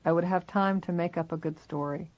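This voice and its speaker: A reader narrating a first-person memoir in a steady, measured way. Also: mid-range voice, highs cut off.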